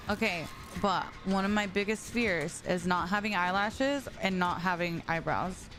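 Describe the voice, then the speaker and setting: A woman's voice: on the low side, normal speed, over music. A young woman streaming a game, chatting casually and reading messages from her chat with frequent giggles.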